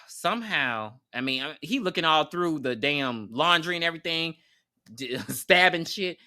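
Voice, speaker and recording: Bright, animated podcast host. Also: medium pitch, unhurried. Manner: animated storytelling, laughs often, slangy and profane. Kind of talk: casual movie recap.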